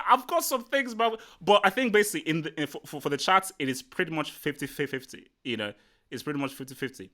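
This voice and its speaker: A man hosts a casual live football chat, rambling, repeating words, and sounding animated. His voice is fairly high and he talks fast.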